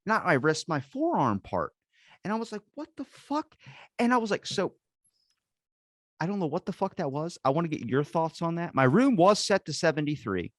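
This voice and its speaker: A man's voice: fairly high pitch, sing-song, normal speed, no room sound, studio quality. A man hosting a podcast, telling a story in rambling, profane casual chat over a video call. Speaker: podcast host.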